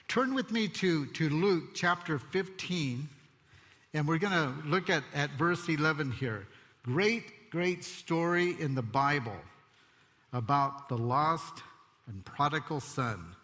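A man preaching a sermon as pastor, expressive and conversational, telling stories with asides. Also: fairly high pitch, unhurried. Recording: long hall reverb.

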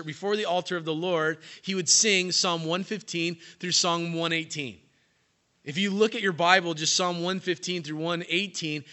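Guy pastor preaching, super bright tone, goes quiet then loud, storytelling vibe. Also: a little high. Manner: dramatic storytelling, swings from hushed to loud. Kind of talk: sermon. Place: church in California.

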